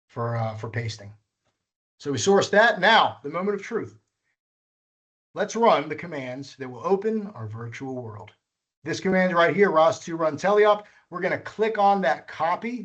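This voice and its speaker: A man's voice: a little high, a bit bright. A man leading a live coding workshop, walking through each step patiently and correcting himself as he goes. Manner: patient, walks through steps, self-correcting. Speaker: workshop instructor.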